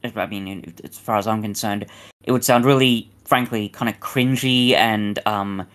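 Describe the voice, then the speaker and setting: A man's voice: fairly low pitch, fairly even intonation, a bit bright. Thoughtful man, podcast host. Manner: measured, thoughtful, hedging. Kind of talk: casual podcast chat.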